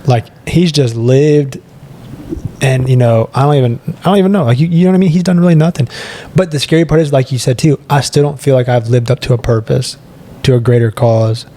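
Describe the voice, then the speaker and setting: Young guy cohosting a podcast, warm mellow tone, rambly and earnest, laughs a lot. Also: medium pitch, brisk. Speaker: podcast co-host. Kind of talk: casual chat.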